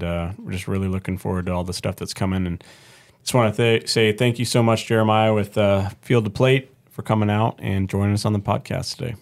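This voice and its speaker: A male podcast host with a low voice closes out the interview. He speaks in a flat, even tone and thanks the guest with a few filler pauses. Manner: appreciative, with some filler pauses. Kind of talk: casual interview wrap-up.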